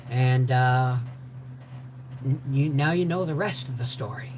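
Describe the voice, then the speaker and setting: An older woman telling a personal story in an animated way, acting out the voices of the people in it. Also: very deep voice, takes it slowly, noisy background. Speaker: host.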